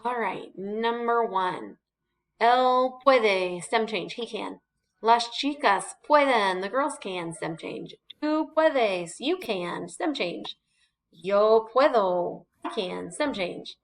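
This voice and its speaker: A woman's voice: mid-range voice, expressive, slow. A woman teaching a recorded Spanish lesson, talking students through the verbs step by step with casual fillers. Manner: chatty, explains step by step with fillers. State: has hiccups.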